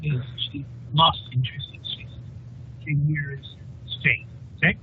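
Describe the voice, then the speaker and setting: A man's voice: a little high, steady tone, measured pace, a little hiss or hum. Tinny-sounding man running a tabletop game. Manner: loose, chatty narration with fillers. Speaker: game master. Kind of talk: narrating a tabletop game over voice chat. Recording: tinny voice-chat line.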